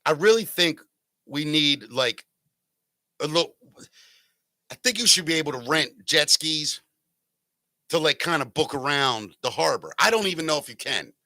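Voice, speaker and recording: Bright-voiced man rambling a story. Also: a little high, lively intonation, normal speed, pauses often, no echo. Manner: rambling, self-correcting, jokey. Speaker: podcast host. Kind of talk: casual storytelling monologue.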